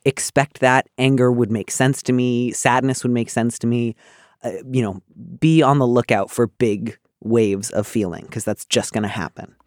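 A man hosting an advice podcast, talking in a gentle, chatty way with many fillers. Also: mid-range voice, steady tone, normal speed, no room sound. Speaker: advice columnist host. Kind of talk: casual advice podcast chat.

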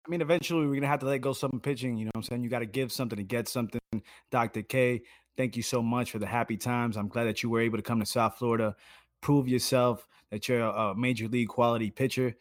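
A man co-hosting a sports podcast, talking in an excited, casual way and slipping into loud shouted bits. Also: mid-range voice, quick pace, no echo, studio quality. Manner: animated, drops into loud shouted impressions. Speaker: podcast co-host. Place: at home.

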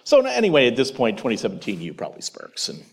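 A man giving a Christian teaching presentation, telling a story straight to the listener in an animated way. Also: medium pitch, fast talker, creaky, breathy edge.

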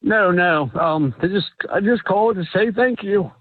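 A man from Pennsylvania calling a radio show, halting and emotional, with stumbling restarts. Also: high voice, no room sound. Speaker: caller. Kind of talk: phone call to a radio show. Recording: dry tinny phone line.

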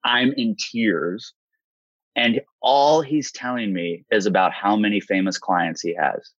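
A man's voice: lowish voice, normal speed, dry recording, highs cut off. A man in his thirties, a guest in an interview, telling a candid personal story and acting out the voices of the people in it. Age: 30s. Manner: animated storyteller, acts out quotes.

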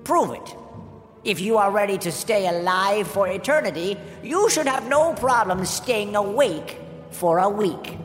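A man's voice: high-pitched, sing-song, unhurried, a bit bright, faint music behind, pitched above the performer's own voice, full character voice. A man voicing an ancient, stern male sage who is impatient with fools and lectures solemnly in a storybook tale. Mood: challenging. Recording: echoey hall reverb.

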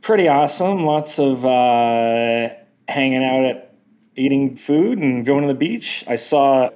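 Laid-back deadpan male editor. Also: medium pitch, measured pace. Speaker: editor-in-chief. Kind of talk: casual podcast chat.

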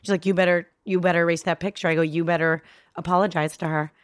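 A woman's voice: lowish voice, fast, dry recording, studio quality. A woman guest telling a story in a casual interview, acting out voices and swearing freely. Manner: animated, acts out quoted voices, swears freely.

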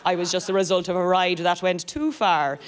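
A woman with an Irish accent performing a stand-up comedy set on stage before a live audience, talking quickly and breaking into loud squeals. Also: on the low side, fairly even intonation, slight background noise. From Ireland.

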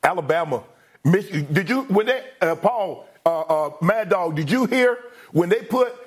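A man's voice: high-pitched, expressive, a little slow, breathy edge. A man bantering animatedly on a sports debate show, mimicking others. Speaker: host.

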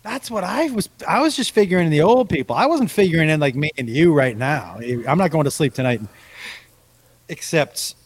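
A man's voice: on the high side, animated, a little fast, husky. A man co-hosting a podcast in casual chat, rambling and often breaking into laughter. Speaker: podcast co-host.

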